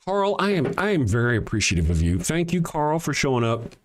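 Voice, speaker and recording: Briskly and in a sing-song way, a medium-pitched male streamer responds to his chat. He mocks viewers with sarcastic rhetorical questions, cursing frequently as he comments.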